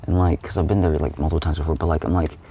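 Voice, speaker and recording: A man's voice: extremely low pitch, flat delivery, rapid-fire, warm tone, husky. A young man rambling casually as he recounts a dream, full of "like", restarts and swearing. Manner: rambling, heavy use of "like", frequent swearing and restarts. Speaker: streamer.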